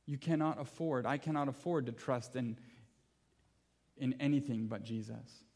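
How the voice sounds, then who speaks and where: Man preaching, earnest and emphatic, repeats the big lines, tells little family stories, mid pitch voice. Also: steady tone, moderate pace, gravelly, darkish tone. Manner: personal storytelling with humor. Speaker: pastor. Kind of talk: sermon.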